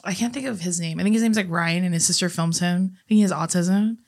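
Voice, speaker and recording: Fast-talking podcast woman. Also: on the low side, darkish tone. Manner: chatty, quick back-and-forth, laughs. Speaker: podcast co-host. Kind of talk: casual chat.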